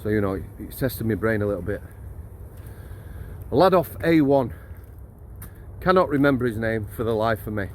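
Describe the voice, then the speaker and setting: Speaking to camera with a fairly low, animated voice, a middle-aged former prison officer shares casual stories at a normal pace, leaving long pauses. He's blunt and jokey, laughs partway through and addresses viewers as guys, with a little background noise.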